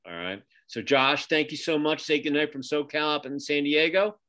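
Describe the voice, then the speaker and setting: A middle-aged man with a fairly high, pushed and bright voice talks at normal speed while signing off a laid-back interview. Hosting his podcast from a home office over video call, this magazine publisher rambles with lots of fillers and restarts.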